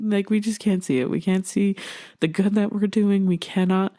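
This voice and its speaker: A woman's voice: medium pitch, moderate pace, dark tone, dry recording, studio quality. A woman hosting a personal podcast, speaking openly and earnestly with frequent light laughs. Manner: open and earnest, laughs often, many fillers. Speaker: podcast host. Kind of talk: candid personal podcast talk.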